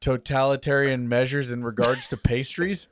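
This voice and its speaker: A man's voice: mid-range voice, flat delivery, moderate pace, no echo, clean studio sound. A man co-hosting a podcast in a casual chat, playfully asking joking questions. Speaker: podcast co-host.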